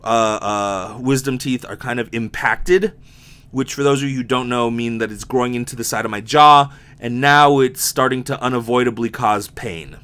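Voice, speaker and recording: A young man with a slight lisp from sore wisdom teeth hosts a casual solo podcast. He rambles candidly, swears freely and restarts his sentences often, in a voice of ordinary middle pitch. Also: normal speed, bright, forceful tone. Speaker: podcast host.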